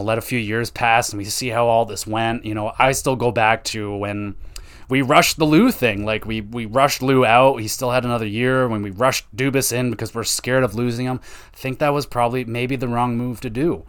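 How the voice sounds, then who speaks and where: A man's voice: mid-range voice, smooth. Profane, rambling young man podcasting solo. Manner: profane, rambling and excitable, with lots of slang filler. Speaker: podcast host. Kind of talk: casual solo podcast rant.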